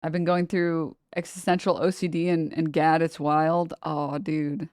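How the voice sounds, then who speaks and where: A woman livestreamer chatting casually with her viewers and reading chat, rambling and animated, laughing often and swearing freely. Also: sits low, unhurried, few pauses, smooth, no room sound, clean studio sound.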